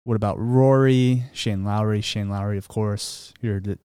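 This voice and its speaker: A man hosting a casual golf betting podcast, talking in a relaxed, matter-of-fact way with lots of fillers. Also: fairly low pitch, measured pace, smooth, no echo, clean studio sound. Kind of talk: casual sports betting chat.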